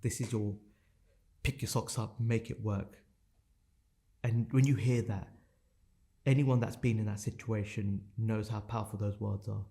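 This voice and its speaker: A man's voice: on the low side, steady tone, unhurried, vocal fry, pauses often, mellow. A man in his thirties, a podcast guest telling a painful personal story in a raw, intense way, swearing and repeating phrases for emphasis.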